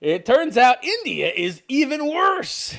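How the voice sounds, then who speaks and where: A man's voice: extremely high pitch, wildly swooping pitch, slow, creaky, a bit bright. Sarcastic ranting man in his fifties. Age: 50s. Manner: sarcastic, scornful, laughs often. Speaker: podcast host. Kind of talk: political commentary rant.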